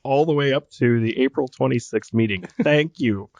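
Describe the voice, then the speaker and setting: A man's voice: mid-range voice, moderate pace, darkish tone, dry recording, lo-fi sound. A man co-hosting a local podcast in casual chat, joking and laughing often. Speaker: podcast co-host.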